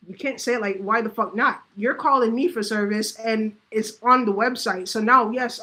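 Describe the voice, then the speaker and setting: A woman's voice: a little high, fairly bright tone, poor audio. A woman talking straight to camera about running a business, blunt and heavily profane, often acting out what other people said. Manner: acts out quoted voices. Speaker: vlogger giving business advice. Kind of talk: casual unscripted monologue.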